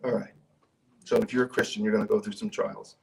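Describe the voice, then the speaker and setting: A man's voice: fairly low pitch, flat delivery, fast talker, creaky, recorded from a distance, poor audio. A man preaching a sermon in a church, talking conversationally, repeating and restarting his words, and asking the congregation questions. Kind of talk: sermon with scripture reading.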